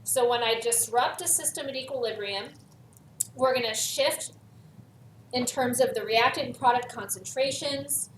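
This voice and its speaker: A woman's voice: on the high side, moderate pace. Woman teacher in an echoey room. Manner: stresses key words, repeats for emphasis. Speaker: chemistry teacher. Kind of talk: recorded lesson walking through worksheet. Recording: echoey room, voice from far off, faint hiss.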